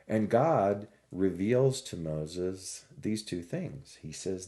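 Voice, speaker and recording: A man who teaches spirituality, telling a parable in a reflective, expressive sermon. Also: low-pitched. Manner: slow, reflective, expressive storytelling. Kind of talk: storytelling sermon.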